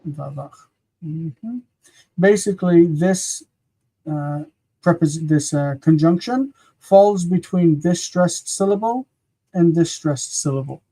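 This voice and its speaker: A grammar teacher leads a live-streamed lesson at an unhurried, deliberate pace. The voice is mellow and soft-edged, and the teacher stops often to think, then repeats key words slowly so they sink in. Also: medium pitch. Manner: slow, patient explaining with frequent "uh" pauses; spells out forms aloud and repeats words slowly.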